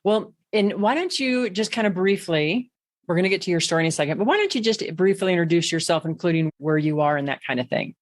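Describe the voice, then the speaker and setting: Female podcast host, enthusiastic interviewer, lowish voice. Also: animated, fast. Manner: enthusiastic, encouraging. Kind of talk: interview hosting.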